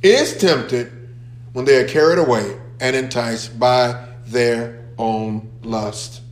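A man's voice: mid-range voice, takes it slowly. A man preaching a sermon as pastor, building emphasis and repeating key phrases. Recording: echoey room.

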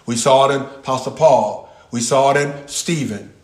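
A man teaching a Bible passage in sermon style, repeating key words with long pauses and talking back and forth with his listeners. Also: mid-range voice, reverberant. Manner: talks with the audience, answers their replies. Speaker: pastor teaching a Bible study.

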